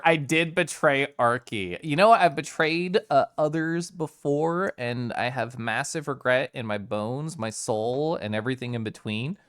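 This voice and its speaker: Smooth-voiced young male streamer, chatty. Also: on the high side, fairly bright tone, no room sound, studio quality. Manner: chatty, rambling, frequent fillers. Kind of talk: casual storytelling to chat.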